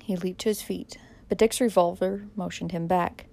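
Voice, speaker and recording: A woman narrating a dramatic audiobook in a measured way, pressing harder in tense moments. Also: fairly low pitch, steady tone, gravelly, a little mellow.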